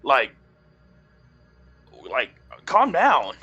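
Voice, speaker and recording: A touchy hook-handed adventurer, put on by a man running a tabletop game. He snaps back defensively with a bright, forward tone. Faint music plays behind him. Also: on the high side, animated, normal speed, dull audio. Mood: alarmed. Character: one-handed hooked adventurer, cocky and touchy.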